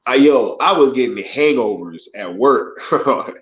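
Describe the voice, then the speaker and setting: A man's voice: medium pitch, expressive, measured pace. A man hosting a casual live stream, reading viewer comments aloud and reacting in a laid-back, slangy way, tagging lines with "yo" and "right?". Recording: muffled lo-fi stream audio.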